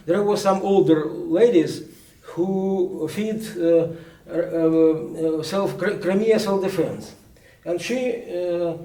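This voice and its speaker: A man, a journalist recounting events at a book presentation in a halting way, full of restarts. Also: high voice, mellow. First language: Ukrainian. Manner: halting, many restarts and fillers. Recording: echoey room, speaker far from mic.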